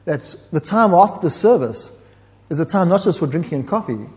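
A man's voice: on the high side, sing-song, brisk, darkish tone. A man preaching a sermon in an earnest, explanatory way, often restarting his phrases. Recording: long hall reverb.

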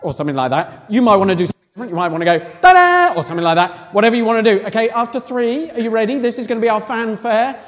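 High-voiced man in an echoey hall. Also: very fast, hardly any pauses. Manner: lively, rousing a crowd of children. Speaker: church leader. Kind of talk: family service talk to children. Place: large hall or church.

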